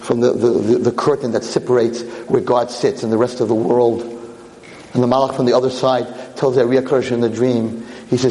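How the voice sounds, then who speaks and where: Animated storytelling man in a reverberant hall. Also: mid-range voice, fairly quick. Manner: animated, acts out characters. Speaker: Torah lecturer. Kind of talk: sermon storytelling.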